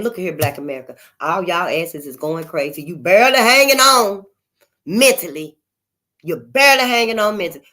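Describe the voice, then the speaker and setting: A woman's voice: mid-range voice, a bit bright. An older woman hosting her channel in a casual, unscripted monologue, emphatic and repetitive, calling her listeners honey. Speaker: channel host.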